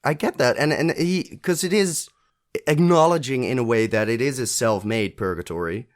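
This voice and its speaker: A man's voice: mid-range voice, normal speed. A man co-hosting a podcast in casual chat, thinking aloud with frequent restarts and fillers. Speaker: podcast co-host. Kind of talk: casual chat reviewing a TV episode.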